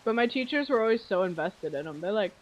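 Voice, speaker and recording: A young woman chatting casually on a stream, telling animated school stories and slipping into playful voices. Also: mid-range voice, quick pace, dull audio. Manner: animated storyteller who jumps into playful voices.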